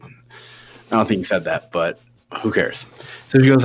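A man's voice: on the low side, fast talker. Profane young man telling a story. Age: 20s. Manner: profane, animated retelling with quoted dialogue. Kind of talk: casual storytelling chat. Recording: dull lo-fi audio.

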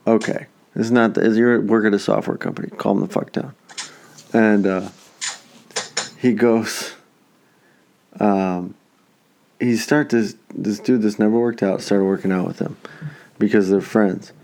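A man's voice: fairly low pitch, fairly even intonation, a little slow, gravelly, pauses often, a little mellow. Profane man telling a gym story. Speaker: podcast co-host. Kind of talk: casual chat.

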